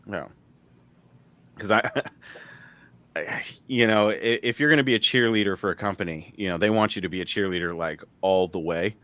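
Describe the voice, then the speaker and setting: A man's voice: fairly low pitch, moderate pace, pauses often, sharp tone, no echo. A man hosting a casual live-stream chat, rambling with lots of fillers and frequent laughter. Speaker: host.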